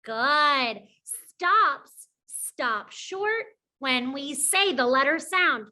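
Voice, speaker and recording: High, bright-voiced woman teacher. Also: animated. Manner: slow, deliberately sounds out letters, praising. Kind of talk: children's phonics lesson.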